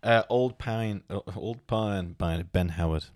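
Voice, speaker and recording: A man's voice: lowish voice, a little slow, darkish tone, dry recording. A man in his late twenties co-hosting a podcast, chatting casually and teasing with dry humor. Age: 20s. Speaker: podcast co-host.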